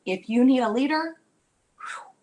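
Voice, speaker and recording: A woman's voice: sits high, lively intonation, a little slow, a little mellow. Woman, young adult, gushing testimonial, breathless enthusiasm, emotional. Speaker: new team member giving a testimonial. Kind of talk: emotional testimonial on a group call.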